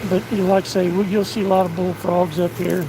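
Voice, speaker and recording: A man's voice: high-pitched, level tone, fast, heavy background noise. A man, chatting in a folksy, rambling way while out of breath. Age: 60s. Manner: rambling, folksy, self-deprecating. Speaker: vlogger. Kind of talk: casual outdoor livestream chat. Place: outdoors in rural woods. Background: outdoor ambience and a passing train.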